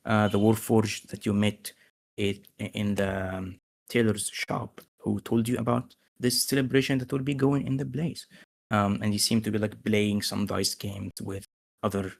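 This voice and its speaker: A man with a gravelly voice narrating as game master, hesitant with many fillers. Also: on the low side, fairly even intonation, measured pace.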